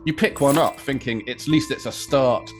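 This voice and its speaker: A man's voice: mid-range voice, moderate pace, soft background music. A man hosting a podcast, playfully narrating a choose-your-path game scenario. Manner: playful, chatty storyteller. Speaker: podcast host and game master.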